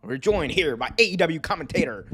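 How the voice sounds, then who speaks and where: A man's voice: on the high side, animated, fairly quick, fairly bright tone, husky, voice pushed up. A man imitating a polished television wrestling announcer with a formal broadcast tone.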